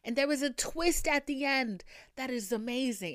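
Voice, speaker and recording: A woman from the Boston area with a light Boston accent, hosting a podcast in a lively, rambling, profane casual chat. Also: high voice, moderate pace, no room sound, studio quality. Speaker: podcast host.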